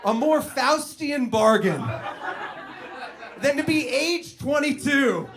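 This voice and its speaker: High-voiced man doing stand-up. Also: slow pace, crowd noise. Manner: animated storyteller, self-deprecating. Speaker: stand-up comedian. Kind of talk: stand-up comedy.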